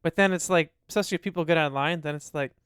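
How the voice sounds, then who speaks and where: Man, podcast co-host, quick delivery, clean resonant voice, reads out listener comments. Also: fairly high pitch, a bit bright, clear, resonant tone, no echo, studio quality. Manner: reads listener comments aloud and riffs on them. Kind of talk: casual podcast chat. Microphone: studio dynamic mic.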